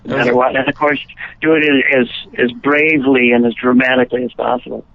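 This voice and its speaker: A man with a gravelly voice tells long, rambling stories as an interview guest, restarting his sentences as he goes. He sounds tinny and thin, as if he were on a phone line. The sound is dry and close, with no room around it. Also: medium pitch, steady tone, quick pace, dry recording. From Chicago. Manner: rambling anecdotes with frequent restarts. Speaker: interview guest, actor and musician. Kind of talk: casual storytelling interview.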